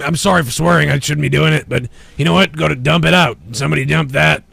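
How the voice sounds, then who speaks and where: A man's voice: fairly high pitch, fairly even intonation, fast talker, creaky, a bit bright, husky, no echo. A man hosting a comedy show, doing a swearing, angry parody of a talk-radio rant.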